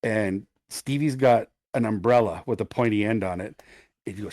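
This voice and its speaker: A middle-aged man, co-hosting a podcast, tells an animated, profane story in casual chat. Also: lowish voice, brisk, no echo, studio quality. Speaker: podcast co-host.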